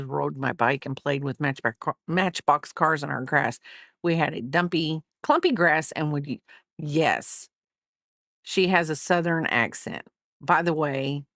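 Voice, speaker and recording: With a deep, slightly bright voice, this woman hosts a casual crafting livestream from home, rambling on and often putting herself down with apologies. The recording is dry and studio-clean.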